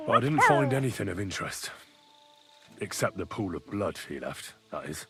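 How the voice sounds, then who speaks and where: A man's voice: lowish voice, sing-song, normal speed, faint music behind. An actor playing a young man, the protagonist, who sounds wry and observant. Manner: wry, dry, thoughtful. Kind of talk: video game dialogue.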